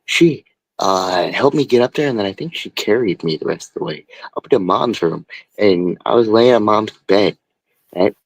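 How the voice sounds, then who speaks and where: A man hosting a stream, telling a story in a rambling, profane, animated way. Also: lowish voice, normal speed, gravelly, no echo, low-quality recording. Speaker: stream host. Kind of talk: casual storytelling.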